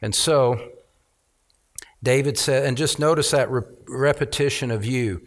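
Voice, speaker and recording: A middle-aged man preaching a sermon, reading scripture aloud and stressing key words with rising emphasis as a pastor. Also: medium pitch. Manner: reads scripture aloud, slowing on phrases.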